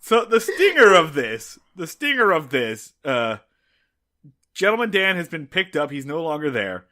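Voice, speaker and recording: A man's voice: fairly high pitch, sing-song, pushed and bright. A man co-hosting a podcast, wryly summarizing an old TV episode and adding little sound effects. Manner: wry, brisk summarizing, adds sound effects. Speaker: podcast co-host. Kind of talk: casual comedic recap.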